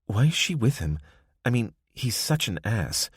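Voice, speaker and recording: A man's voice: mid-range voice, sing-song, measured pace, breathy edge, no echo, studio quality, voice pushed up. A man voicing an earnest, questioning young woman who worries for her companion.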